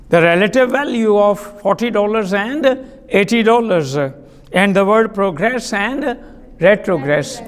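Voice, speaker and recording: A male teacher giving a classroom vocabulary lesson, speaking deliberately, spelling out words and repeating sentences for dictation. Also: high-pitched, in a large hall.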